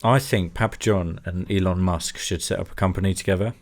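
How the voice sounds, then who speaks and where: A young English man co-hosting a casual podcast, dry and deadpan with jokes. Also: sits low, brisk. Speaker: podcast co-host.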